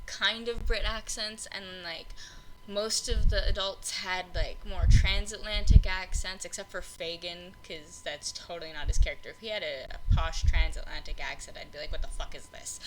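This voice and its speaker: Young woman podcast host, bright and sharp-edged tone, loose exasperated rant with lots of fillers and cursing, faint hiss in the background. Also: mid-range voice, poor audio. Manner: rambling, frequent fillers, exasperated, swears freely. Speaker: podcast host reviewing film adaptations. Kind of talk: unscripted casual rant.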